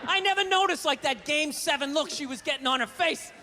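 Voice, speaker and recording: Ranting high-voiced male stand-up comic. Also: a little fast, sharp tone, in a large hall, a little hiss or hum. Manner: ranting, exasperated, profane. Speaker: stand-up comedian. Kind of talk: stand-up comedy routine.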